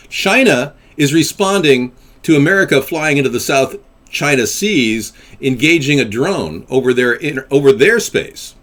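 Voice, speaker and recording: A man hosting a live chat stream, talking in a rambling, argumentative and excitable way. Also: a little high. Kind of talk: casual live-stream talk.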